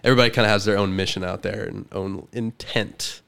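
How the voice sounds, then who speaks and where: A man's voice: on the low side, steady tone, fast, vocal fry, a bit bright, smooth. A young man in casual podcast chat, telling a story in a loose, rambling way full of fillers. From Canada. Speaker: podcast guest.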